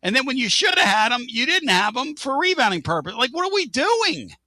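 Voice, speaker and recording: A man's voice: very high-pitched, very animated, fairly quick, pushed and bright, no room sound. A man hosting a sports talk show, ranting with exasperation and sarcastic asides. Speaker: sports talk radio host.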